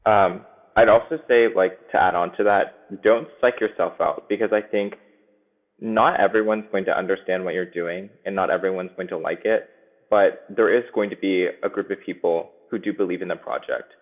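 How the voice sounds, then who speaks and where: A man's voice: low-pitched, steady tone, normal speed. A man, a guest on a podcast, giving earnest advice in casual chat. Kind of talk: casual interview. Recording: tinny phone-like line.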